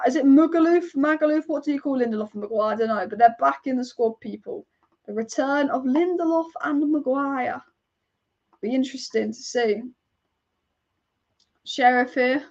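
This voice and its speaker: Young woman, high-pitched, chatty fan host reacting live, casual swearing, slightly dull lo-fi sound. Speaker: football fan channel host. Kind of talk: live match watch-along commentary.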